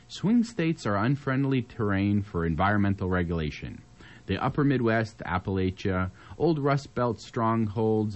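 A man's voice: fairly low pitch, a little mellow. A man co-hosting a casual news chat, reading headlines aloud and adding jokey asides. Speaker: co-host.

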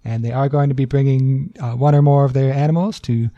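A man co-hosting a community radio show, reading event listings in a relaxed, casual way. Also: medium pitch, fairly quick, dry recording, lo-fi sound. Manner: relaxed, reads event listings with easy chuckles. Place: radio studio.

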